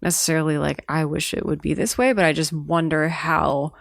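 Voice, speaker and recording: A woman's voice: deep voice, fairly even intonation, fairly quick, gravelly, no room sound, clean studio sound. A woman co-hosting an education podcast, thinking aloud in a casual, reflective conversation. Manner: thoughtful, wondering aloud. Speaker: podcast co-host.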